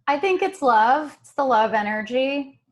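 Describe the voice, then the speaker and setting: Gentle, slow-speaking woman meditation host. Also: sits high, lively intonation. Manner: gentle, soft-spoken, laughs often. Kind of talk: casual group video call. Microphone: video call.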